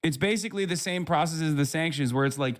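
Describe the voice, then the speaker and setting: A man's voice: fairly high pitch, fast talker. A man live-streaming, talking back to his chat in a sarcastic, profane, rambling way. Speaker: livestreamer.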